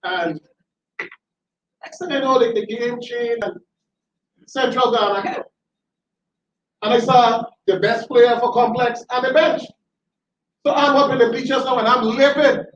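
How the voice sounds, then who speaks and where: High-voiced man in echoey hall. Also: unhurried, pauses often, a little hiss or hum. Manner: animated storyteller who laughs and repeats himself. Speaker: tribute speaker, former school educator. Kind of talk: anecdotal tribute speech. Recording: roomy, distant, dull hall recording.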